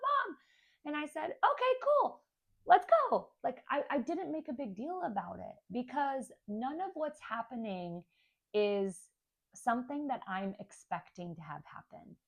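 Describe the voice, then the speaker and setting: Young woman vlogger, candid and chatty, telling her family story to camera. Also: mid-range voice. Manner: candid, chatty, acts out kids' voices. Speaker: stepmom vlogger.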